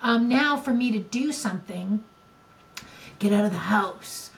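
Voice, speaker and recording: An older woman co-hosts a podcast with a medium-pitched, unhurried voice and vocal fry, talking candidly and emotionally in casual conversation. She restarts often, and the audio is poor.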